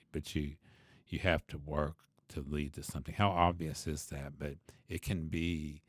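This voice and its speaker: A man who teaches bass, talking through his ideas in a loose, reflective way, with many asides and restarts. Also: slightly rough, no room sound, studio quality. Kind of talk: conversational teaching monologue.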